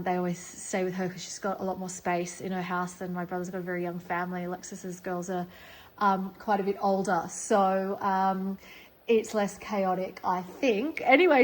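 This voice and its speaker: A middle-aged woman chatting casually in a vlog, gushing excitedly over her finds. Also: mid-range voice, rough recording. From Australia. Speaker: vlogger. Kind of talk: casual chat.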